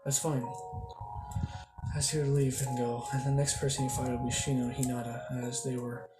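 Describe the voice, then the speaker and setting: A man's voice: medium pitch, monotone, fast talker, poor audio. A young man at home improvising a fan-fiction story in a rambling, casual way, full of restarts. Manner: rambling, repeats "he goes", slips and restarts. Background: music.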